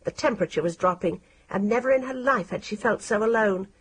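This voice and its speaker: A woman narrating an audiobook in a measured, expressive reading style. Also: mid-range voice, breathy edge.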